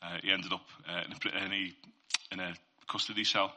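A man sharing his Christian testimony in an informal faith talk. His voice sits a little low, but its tone is very bright and cutting. He talks earnestly and conversationally, often turning to the listeners to draw them in. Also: little pitch movement, a little fast.

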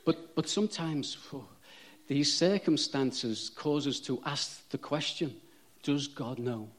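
A man's voice: a little high, a little slow. A man preaching a sermon, chatty and self-deprecating, rising to fervent emphasis on repeated phrases.

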